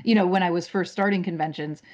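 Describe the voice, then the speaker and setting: A woman's voice: lowish voice, fairly even intonation, fast talker, darkish tone. Chatty woman on lo-fi audio. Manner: chatty, laughs often, tells stories with quoted asides. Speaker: actress guest. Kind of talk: casual podcast chat.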